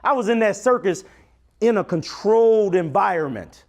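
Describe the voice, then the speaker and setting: A young man giving a motivational keynote on a conference stage, swinging from loud to near-whisper with a preacher-like cadence. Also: sits high, animated, normal speed. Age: young adult. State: choked up and crying at times. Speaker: motivational speaker.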